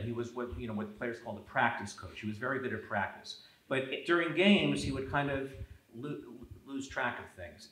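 A man, an author, in conversational talk at a public event, telling stories with lively quoted asides. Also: mid-range voice, roomy sound, low-quality recording. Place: event hall.

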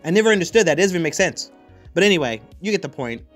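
A man's voice: high voice, expressive, very fast, faint music behind. A man hosting a podcast, chatting casually with a profane, rambling, joking manner. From United States. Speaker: podcast host. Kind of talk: casual chat.

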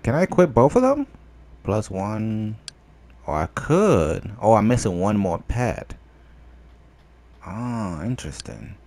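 Excitable gravelly man commenting on gameplay. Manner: excitable, laughs often, shouts in high-pitched disbelief. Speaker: gameplay video host.

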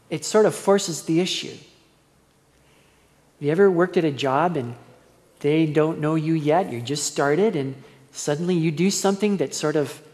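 A man's voice: fairly high pitch, a little mellow. A male pastor preaching a verse-by-verse sermon in a conversational, storytelling way. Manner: conversational storytelling, acts out quoted voices. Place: church hall. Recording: long church reverb.

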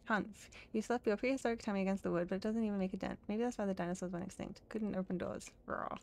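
Gravelly woman reading a game aloud. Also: mid-range voice, steady tone, quick pace, mellow, a little hiss or hum. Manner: playful, reads game text and jokes along. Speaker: let's play host. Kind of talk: casual game playthrough with read-aloud narration.

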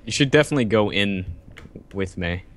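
A man's voice: fairly low pitch, lively intonation, a little fast, a bit bright. A man chatting through an online game with a friend, joking and swearing, now and then slipping into silly voices. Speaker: gaming YouTuber. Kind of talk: casual gaming banter.

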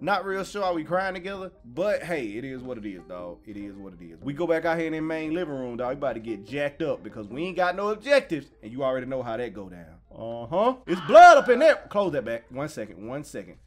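A young man casually commenting on a horror game, slangy and jokey, yelping when startled and mumbling low when nervous. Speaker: gaming YouTuber. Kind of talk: casual let's-play commentary.

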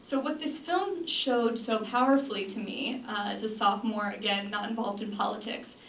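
Speaking earnestly to an audience at a moderate pace, a young woman often says um and restarts her sentences. Her slightly high, somewhat bright voice is captured from afar in an echoey room, with faint noise.

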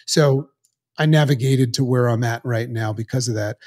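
A man's voice: medium pitch, darkish tone. Earnest man telling a personal story. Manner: earnest, halting, with many restarts. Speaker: podcast guest.

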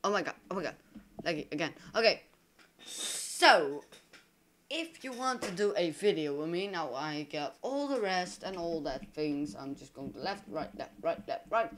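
A young man, an English speaker, giving rambling, excitable commentary over his own gameplay. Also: fairly high pitch, slight background noise. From Russia. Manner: excitable, rambling, quick to complain and panic. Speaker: gaming YouTuber.

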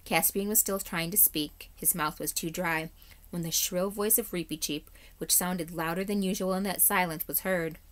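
Teacher reading a storybook aloud. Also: female voice, fairly low pitch. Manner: steady, clear, measured read-aloud. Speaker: third-grade teacher. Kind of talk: reading a chapter book aloud.

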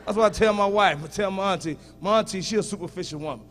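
A male stand-up comedian performing a profane set, teasing the audience and shouting punchlines at them. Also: high-pitched, fast talker.

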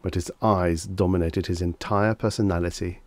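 A man narrating a vintage short story as an audiobook reader, in a steady storytelling manner. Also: low voice, moderate pace.

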